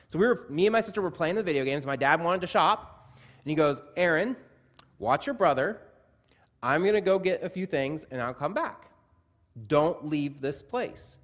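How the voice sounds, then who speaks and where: A man in his thirties preaching a sermon, telling a story with quick asides and dropping his voice soft and low for emphasis. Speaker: pastor. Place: church sanctuary.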